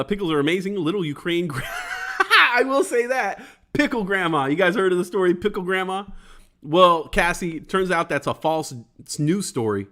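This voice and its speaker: A man in his forties hosting a casual live stream, joking and reading chat comments aloud. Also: sits high. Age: 40s. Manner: animated and jokey, acts out quoted voices. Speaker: livestream host reading chat.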